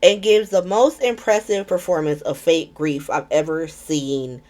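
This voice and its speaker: A woman's voice: sits low, fairly even intonation, a little slow, darkish tone. A woman hosting a casual recap vlog, talking in a chatty, irreverent way with frequent swearing and ums. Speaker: soap opera recap vlogger.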